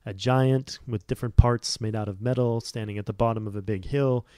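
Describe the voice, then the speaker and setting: Mellow-voiced man, earnest and rambling. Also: mid-range voice, fairly even intonation, fairly quick, smooth, no room sound, clean studio sound. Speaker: podcast guest. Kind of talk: casual scripture discussion.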